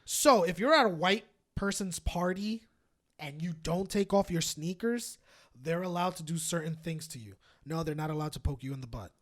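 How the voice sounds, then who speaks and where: Animated profane man telling stories. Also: moderate pace. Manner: animated, profane, laughs often, acts out quotes in high voices. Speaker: podcast co-host. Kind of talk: casual storytelling chat.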